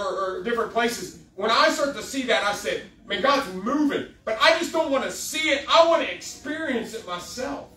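A man preaches at a youth service, his voice pitched high and cutting bright. He stumbles through restarts, then builds to emphatic peaks. The sound is roomy and echoey, picked up from some distance in a church hall. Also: a little hiss or hum. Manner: emphatic preaching with many restarts and rising climaxes. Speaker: youth pastor. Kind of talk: sermon. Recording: echoey room heard from a distance.

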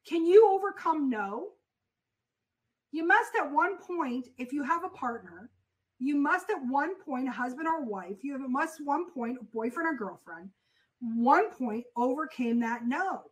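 A woman with a high voice coaches freight sales in a blunt, down-to-earth way. She repeats key phrases and leans hard on her main points as she teaches. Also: animated, unhurried. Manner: direct, repetitive, emphatic. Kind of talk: motivational sales lesson.

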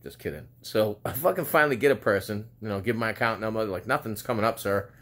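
A vlogger with a Boston accent delivers a ranting storytime monologue on video, his lowish voice expressive, quick and fairly bright. He's exasperated and sarcastic, swearing constantly.

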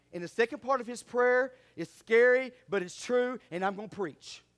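A man preaching a sermon, animated, moving between quiet asides and loud shouts. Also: extremely high pitch. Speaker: pastor.

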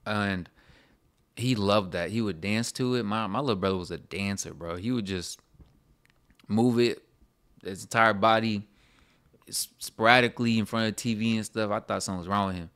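A man's voice: lowish voice, normal speed, a bit bright. A man co-hosting a podcast in casual, rambling chat, laughing often as he talks. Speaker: podcast co-host.

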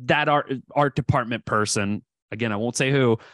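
A man's voice: mid-range voice, moderate pace, fairly bright tone, dry recording. A man co-hosting a podcast, telling stories loosely with lots of fillers and swearing. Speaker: podcast co-host. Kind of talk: casual podcast chat.

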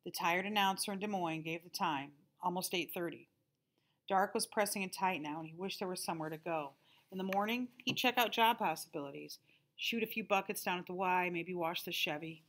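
A teacher reading a novel aloud to her class in a calm, steady storytelling manner. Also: on the low side, a little fast.

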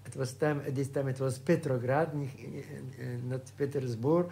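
A man in his eighties from Russia, speaking English with a Russian accent, recalling his past at home in a halting way full of hesitations. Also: mid-range voice, steady tone, creaky, warm tone, slight background noise. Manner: halting, many hesitations and restarts. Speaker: composer being interviewed. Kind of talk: reminiscing interview.

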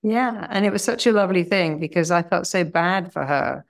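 A middle-aged woman hypnotherapist telling client stories in an animated, conversational way. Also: lowish voice, moderate pace, creaky. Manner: animated anecdotes, lively acted-out quotes. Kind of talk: conversational storytelling.

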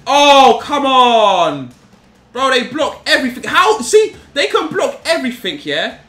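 A man's voice: very high voice, big pitch swings, a little slow, echoey room, faint music behind. Frustrated young man reacting to a game. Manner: frustrated, shouts at the game, repeats phrases. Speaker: gaming YouTuber. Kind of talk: live gameplay commentary.

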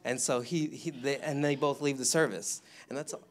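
A man's voice: mid-range voice, steady tone, moderate pace. A man giving a rambling testimony at a church service, laughing often and restarting his sentences. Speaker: mission trip member giving testimony.

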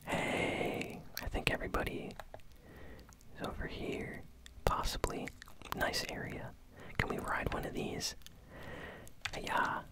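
An ASMR gaming host whispering casual, easily amused gameplay commentary while chewing bubblegum. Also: takes it slowly.

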